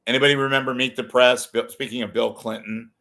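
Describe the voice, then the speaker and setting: An older man hosting a casual livestream, rambling and crude, his voice going hoarse. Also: medium pitch, steady tone, fast, pushed and bright. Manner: crude, rambling, self-amused. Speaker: host.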